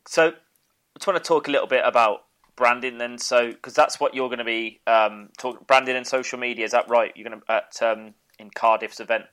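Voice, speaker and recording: Man, podcast host, clear smooth voice, middle pitch, easygoing interviewer. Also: steady tone, brisk, fairly bright tone. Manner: agreeable, encouraging interviewer.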